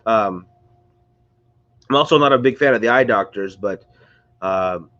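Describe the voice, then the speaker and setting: A man's voice: lowish voice, unhurried, fairly bright tone, lo-fi sound. A man hosting a casual livestream, rambling and chatty while sounding congested and under the weather. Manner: rambling, chatty, greets viewers. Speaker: livestream host. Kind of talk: casual live-stream chat. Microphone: close to a screen or phone.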